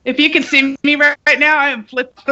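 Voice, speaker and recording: Giggly woman guest over a video call, high bright voice, dull lo-fi audio. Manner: giggly, chatty. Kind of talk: casual chat on a video call.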